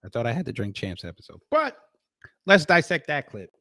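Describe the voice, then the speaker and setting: Animated man hosting reaction commentary. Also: medium pitch, fairly quick, dry recording, clean studio sound. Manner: animated, swinging between loud emphasis and muttered asides; addresses viewers directly as folks. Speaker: commentary host.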